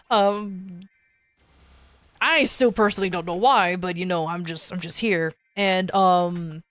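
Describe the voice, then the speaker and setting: A woman streamer casually telling a story to her viewers, animated, often restarting and repeating words. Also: lowish voice, slow pace, pauses often, no room sound. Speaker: VTuber streamer.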